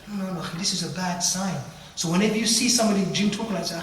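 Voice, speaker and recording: A man's voice: high voice, rapid-fire. A man giving an informal religious lecture on ruqya, acting out dialogues and dropping in Arabic phrases. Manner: animated, acts out dialogues, uses Arabic phrases. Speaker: ruqya teacher. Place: mosque hall. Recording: echoey hall from far off, faint noise.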